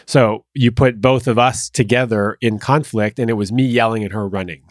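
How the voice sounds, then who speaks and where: A man's voice: mid-range voice, steady tone, moderate pace, no echo, clean studio sound. A man hosting a podcast interview, frankly sharing a personal story.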